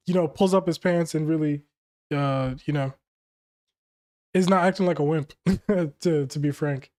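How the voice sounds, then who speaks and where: A man hosting a casual comic reaction, excitable and slangy, laughing often as he reads along. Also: high-pitched. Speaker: manga reaction host. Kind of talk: casual reaction while reading a comic chapter aloud.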